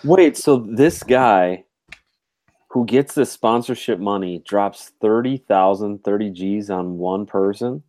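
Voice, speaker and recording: A man's voice: fairly low pitch, slow pace, a little mellow. A man hosting a casual podcast over a video call, easygoing and curious, often calling his co-host "dude".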